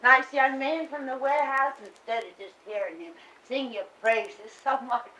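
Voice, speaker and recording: A woman's voice: high-pitched, moderate pace, bright, forceful tone. An actress playing a faded Southern belle mother who gushes and rambles with little laughs, in a Southern accent. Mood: gushing. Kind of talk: stage play scene. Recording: roomy stage sound from far off.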